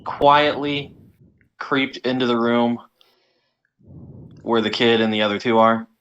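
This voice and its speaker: A man's voice: mid-range voice, steady tone, takes it slowly, a bit bright, clear, resonant tone, dull audio. A man playing a tabletop game, asking unsure questions and swearing now and then. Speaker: player.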